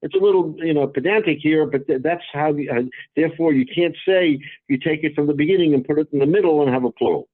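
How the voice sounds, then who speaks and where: Male rabbi leading a Talmud class, patient and halting, slightly high, tinny audio. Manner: halting, repeats words, explains patiently.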